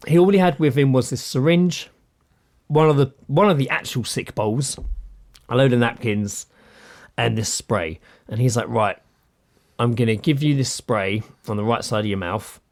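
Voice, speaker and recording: This is a man co-hosting a podcast, with a medium-pitched voice and a moderate pace. He spins a story in relaxed conversation, acting out quotes animatedly and cursing heavily.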